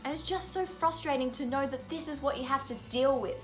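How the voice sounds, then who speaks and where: A woman's voice: high-pitched, brisk, soft background music. A young woman vlogging to camera, explaining earnestly and with plain frustration, often stressing words by repeating them.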